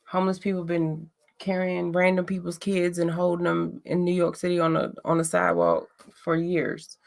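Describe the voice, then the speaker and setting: Blunt gravelly woman chatting. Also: fairly low pitch, normal speed. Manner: blunt, profane, roasting a chat troll. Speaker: livestream host. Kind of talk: casual livestream chat.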